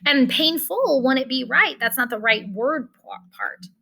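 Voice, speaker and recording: Bright-voiced woman teaching a class. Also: sits high, expressive, unhurried, vocal fry, rough recording. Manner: explains step by step, talks directly to students. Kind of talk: online class lesson.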